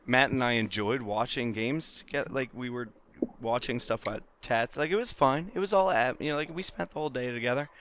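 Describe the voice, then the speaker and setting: A man's voice: mid-range voice, fairly quick, a bit bright, a little hiss or hum. A man co-hosting a casual fantasy football podcast, teasing his friends, swearing and laughing often. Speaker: podcast co-host. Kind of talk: casual chat among friends.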